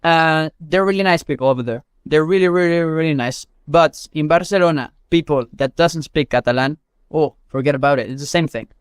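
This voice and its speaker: A man's voice: on the high side, a little fast, smooth, no echo, clean studio sound. A man from Mexico whose first language is Spanish, a guest chatting casually and telling stories with lots of fillers and restarts. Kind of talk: casual chat.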